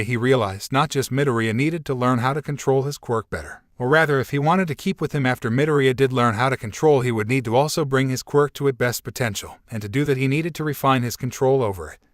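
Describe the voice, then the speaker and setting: A man's voice: medium pitch, fast, few pauses, no room sound, clean studio sound. A man narrating a fan-fiction story as an audiobook, reading steadily.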